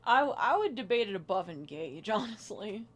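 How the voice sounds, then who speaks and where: A woman co-hosting a casual game chat, blunt and jokey, with excited swearing outbursts. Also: mid-range voice, moderate pace. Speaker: podcast co-host.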